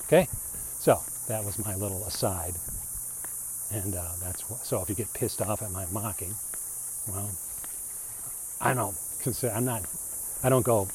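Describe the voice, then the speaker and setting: A man's voice: fairly low pitch, expressive, unhurried, pauses often, a little mellow, slight background noise. A man in a casual, rambling monologue who keeps slipping into mocking put-on voices when he quotes other people. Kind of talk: casual monologue on reading the Bible.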